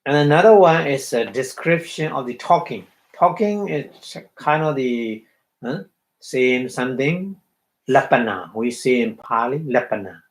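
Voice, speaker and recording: Slow-talking Burmese-accented monk teaching. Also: male voice, medium pitch, animated, low-quality recording. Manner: halting, many fillers, acts out quotes with laughter. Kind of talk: dharma talk.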